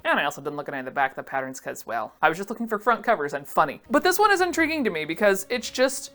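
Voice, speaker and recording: Playful sarcastic woman vlogger, lively voice. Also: on the low side, rapid-fire. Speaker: vintage seller vlogger. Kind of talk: casual reaction commentary.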